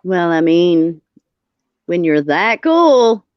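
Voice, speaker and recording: A woman's voice: fairly low pitch, big pitch swings, drawn-out words, clear, resonant tone, no room sound. A woman with a Southern US accent, a guest on a live stream, folksy and full of homespun sayings. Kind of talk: casual live stream chat. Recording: dull dry lo-fi audio.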